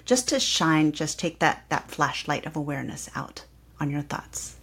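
A woman yoga teacher hosting her podcast, guiding listeners through affirmations and repeating each one slowly and calmly. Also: sits low, background noise. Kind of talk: guided reflection and affirmations.

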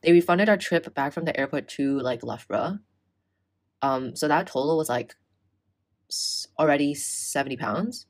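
Low-voiced young woman telling a rant. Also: moderate pace. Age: young adult. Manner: animated, swearing, acts out quoted exchanges. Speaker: storyteller in casual chat. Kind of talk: casual chat.

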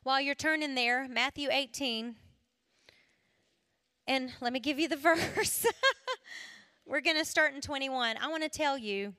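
A middle-aged woman from South Carolina, giving an emotional testimony sermon to women, dropping to a hush and then rising again. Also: high voice, a little slow, long pauses. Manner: emotional, swings from hushed to raised and cracking. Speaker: women's ministry speaker.

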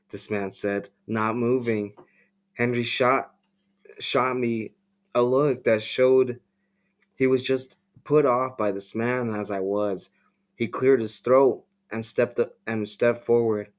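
A man casually reading a horror story aloud on a podcast, unhurried with offhand asides. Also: on the low side, fairly even intonation.

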